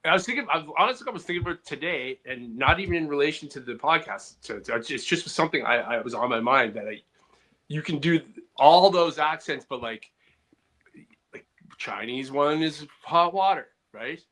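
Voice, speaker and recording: A man's voice: a little high, animated, a little fast, pushed and bright. A man co-hosting a comedy podcast, rambling in casual, profane banter.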